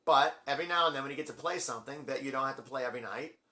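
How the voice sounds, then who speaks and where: A middle-aged man telling a long, rambling story on his video blog, acting out quotes with big jumps in his voice. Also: rapid-fire. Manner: excitable, acts out quotes with big pitch jumps. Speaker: music vlogger.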